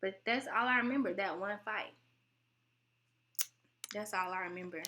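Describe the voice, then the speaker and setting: Bright-voiced young woman chatting casually. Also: normal speed, slight background noise. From United States. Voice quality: voice sounds close to tears. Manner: animated, laughing, mimics relatives in high voices. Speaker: vlogger host. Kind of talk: casual talking-to-camera chat.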